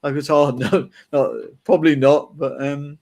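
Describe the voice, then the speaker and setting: A man's voice: fairly high pitch, steady tone, a little slow, a little mellow. Rambling man telling stories. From England. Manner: rambling anecdotal storytelling with many fillers. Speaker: podcast host. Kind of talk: casual chat. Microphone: video call.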